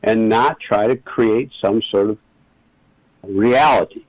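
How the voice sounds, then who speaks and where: A man's voice: lowish voice, slow, a little mellow, no echo, muffled recording. A middle-aged man, a regular guest, talking earnestly and telling stories in a reflective conversation. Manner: earnest, storytelling.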